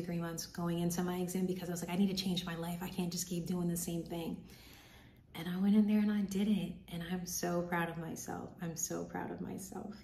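A young woman telling a personal story in a casual vlog, chatty and animated, acting out what she and others said. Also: on the low side, roomy sound. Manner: chatty, animated retelling with quoted inner voices. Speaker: vlogger, medical student.

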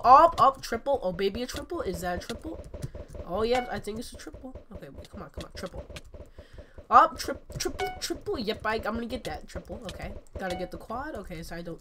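A woman giving excitable, chatty gameplay commentary while sick, her voice cracking often. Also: lowish voice, noisy background. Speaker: gaming channel host.

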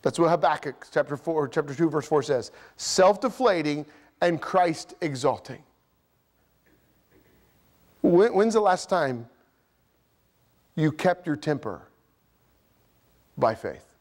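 A man's voice: fairly high pitch, animated, takes it slowly, pauses often, darkish tone. A man preaching a sermon as pastor, passionately pressing his points and voicing imagined objections from the congregation. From United States. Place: church sanctuary.

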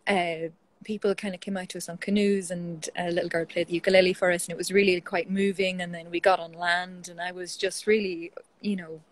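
An Irish woman, a guest in a casual interview, telling stories in a lively, chatty way over a video call. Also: lowish voice, a little fast, poor audio. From Ireland.

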